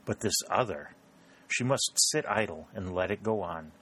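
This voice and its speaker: A man narrating a novel as an audiobook in a measured storytelling delivery. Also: low voice, animated, fairly bright tone, a little hiss or hum.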